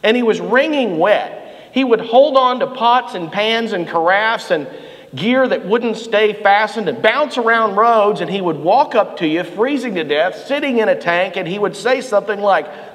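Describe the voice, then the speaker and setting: A middle-aged man preaching a sermon as pastor, telling animated stories and shouting out the lines he quotes. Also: high-pitched, measured pace, big-room sound, low-quality recording. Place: church sanctuary.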